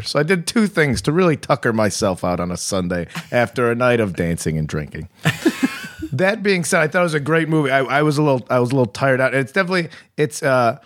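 A man from Chicago, a guest on a comedy podcast, telling a story in a relaxed, joking way. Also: fairly low pitch. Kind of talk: casual comedic podcast chat.

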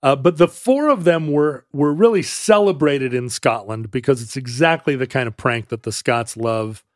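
A man in middle range co-hosts a podcast, telling a history tale in a casual, meandering way. He pauses, restarts and hedges often, with a wry turn. The sound is dry and close, with no room around it. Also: medium pitch, dry recording. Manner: halting, many restarts and fillers, wry. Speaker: podcast co-host. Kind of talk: casual conversational storytelling.

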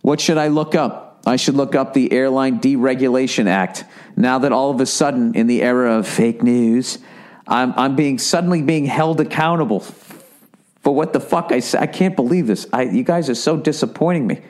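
A man's voice: medium pitch, normal speed, darkish tone. Profane ranting man podcasting solo. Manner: reads listener emails aloud with asides. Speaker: podcast host. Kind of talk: solo rambling podcast monologue.

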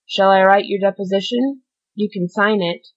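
A woman reading aloud, voicing a calm, grave nobleman who speaks in a measured way. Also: mid-range voice, lo-fi sound, lightly acted.

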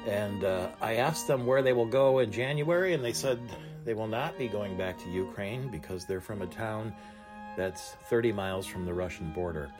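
A man's voice: fairly low pitch, moderate pace. A man hosting a radio show, telling travel stories in a chatty, casual way with string music playing behind him. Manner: chatty storytelling. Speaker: radio host. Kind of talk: casual talk radio monologue. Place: aboard a cruise ship.

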